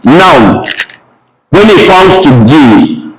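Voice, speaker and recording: A man teaching Spanish pronunciation to a live class, repeating words slowly for learners. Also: on the high side, big pitch swings. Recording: echoey room with loud crowd noise. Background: crowd noise.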